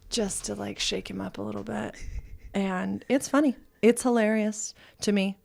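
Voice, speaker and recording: A woman's voice: mid-range voice, moderate pace, creaky. A woman hosting a casual podcast as a sexuality educator, telling a funny story with lots of laughter. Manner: storytelling, laughing often, animated.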